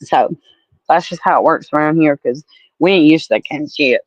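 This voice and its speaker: A woman's voice: deep voice, normal speed, no room sound, muffled recording. Salty Southern woman chatting on a livestream. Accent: Southern US (Alabama). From Alabama, US. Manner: chatty, blunt and salty, calls people honey. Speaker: livestream host. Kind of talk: casual livestream chat with viewers.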